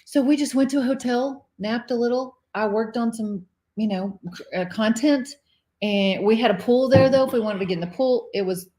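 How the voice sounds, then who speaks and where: A middle-aged woman talks in a somewhat high voice as she co-hosts a casual cruise live stream. She chatters along, laughs easily and reads out comments from viewers. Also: moderate pace, warm tone. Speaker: cruise vlogger co-host.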